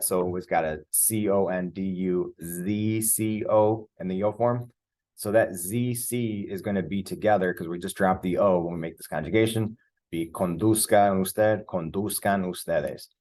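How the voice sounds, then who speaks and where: Deep-voiced man teaching a grammar lesson. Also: no room sound. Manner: relaxed, rambling with fillers, spells letters out slowly. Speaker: Spanish teacher. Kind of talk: screen-share grammar lesson.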